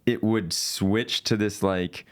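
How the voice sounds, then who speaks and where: Smooth low-voiced male podcast host. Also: slow. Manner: casual, laughs easily, animated storytelling. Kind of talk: casual interview chat.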